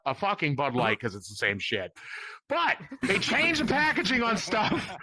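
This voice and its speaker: A man's voice: extremely high pitch, pushed and bright, no room sound. A man doing a crude, rambling stand-up comedy set, often laughing at his own jokes. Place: virtual comedy club stage.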